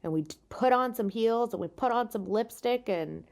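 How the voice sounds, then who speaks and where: A woman's voice: a little high, moderate pace, darkish tone. A tired woman hosting a podcast, venting frankly and with a lot of swearing while lying in bed with no proper microphone. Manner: frank, profane, self-deprecating venting. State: exhausted. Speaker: podcast host; stand-up comedian. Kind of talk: casual solo podcast monologue. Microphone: no podcast microphone, makeshift mic.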